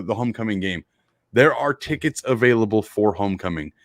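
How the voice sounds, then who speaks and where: A man's voice: medium pitch, no room sound. A man co-hosting a casual college football podcast, passionate and profane as he pushes fans to show up. His voice sits in a middle range and sounds dry and close, with no room around it. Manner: impassioned, profane, urging listeners. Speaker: podcast co-host. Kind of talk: casual sports podcast chat.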